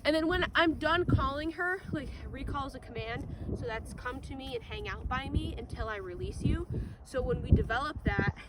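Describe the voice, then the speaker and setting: A high-voiced woman dog trainer talks through a lesson in an upbeat, chatty way, her pitch swinging widely. She is recorded outdoors from a distance, with loud wind rushing over the mic. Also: lively intonation. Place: outdoors in a field.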